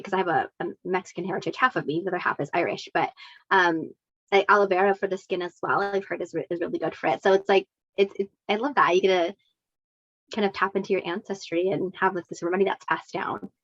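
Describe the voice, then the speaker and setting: A woman's voice: on the low side, steady tone, fast, no room sound. Rambling woman on dull, dry lo-fi audio. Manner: rambling, heavy on "like" and "you know", warmly affirming. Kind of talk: casual video-call interview.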